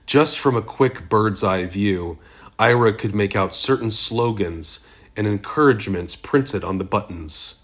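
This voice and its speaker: A man reading a novel aloud as an audiobook narrator, steady and measured. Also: fairly low pitch. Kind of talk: scripted narration.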